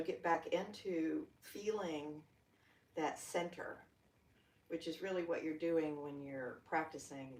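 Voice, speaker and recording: Folksy older Southern yoga teacher, slow and lively-pitched, roomy distant sound. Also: female voice. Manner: folksy, chatty, playful asides. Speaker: yoga instructor. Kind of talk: guided yoga class.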